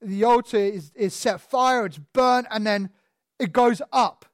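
A man's voice: high-pitched, unhurried, no room sound, clean studio sound. Man preaching with stressed words. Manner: explanatory, rhetorical questions, stresses single words. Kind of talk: sermon. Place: church sanctuary.

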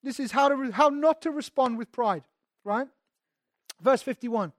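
A man's voice: very high voice, normal speed, dry recording, studio quality. A man, a pastor, preaching a sermon conversationally and emphatically, often repeating words as he goes.

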